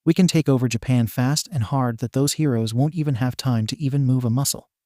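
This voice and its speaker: A man's voice: mid-range voice, fairly quick, dark tone, no echo, clean studio sound, close to an everyday voice. A man voicing a brash, impatient young male villain in a storybook reading. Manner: brash, insulting.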